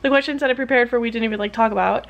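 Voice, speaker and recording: A slightly high-pitched young woman talks straight to her vlog camera in an easy, chatty way. She rushes through a story, scattering "like" everywhere and acting out what other people said in sudden high, lively voices. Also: highs cut off. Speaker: vlogger, PhD student.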